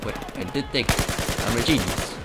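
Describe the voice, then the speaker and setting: A man's voice: medium pitch, normal speed, heavy background noise. A man giving joking, self-mocking commentary while playing a shooter game. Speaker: gaming channel host. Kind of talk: let's play commentary. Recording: loud game gunfire over the voice.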